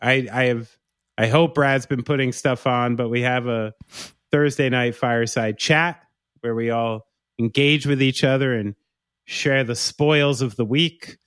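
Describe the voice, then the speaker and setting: Man, podcast host, playful and teasing, mid-pitched voice, dry close recording. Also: fairly even intonation, unhurried, fairly bright tone, clear, resonant tone, no echo. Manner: playful, teasing, mock-sultry. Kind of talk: casual chat.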